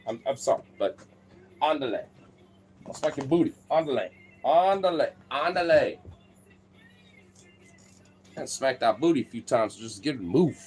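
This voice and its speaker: A man's voice: animated, fast, hardly any pauses, darkish tone, faint music behind. A man talking casually and playfully to his dogs in a vlog, teasing them and swearing lightly. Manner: playful, teasing, swears casually, jumps into high baby-talk pitch with the dogs.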